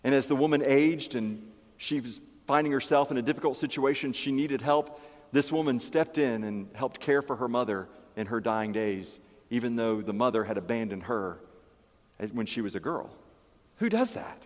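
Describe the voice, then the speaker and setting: A man's voice: mid-range voice, normal speed, big-room sound. A man preaching a sermon as pastor, emphatic and fond of repeating key phrases. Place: church.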